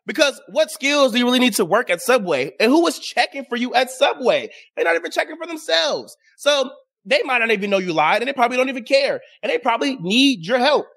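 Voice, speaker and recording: A man with a high voice hosts his own talk show and speaks straight to the audience. His delivery is sarcastic and exasperated, and it swoops up and down with lively intonation. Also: a little fast, creaky. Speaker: show host. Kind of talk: casual opinion commentary.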